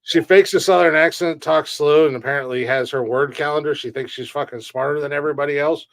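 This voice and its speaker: A man's voice: fairly high pitch, fairly even intonation, fast talker, no room sound. A man hosting a comedy podcast, ranting in a brash, profane, joking way. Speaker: podcast host. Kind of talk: casual comedy podcast chat.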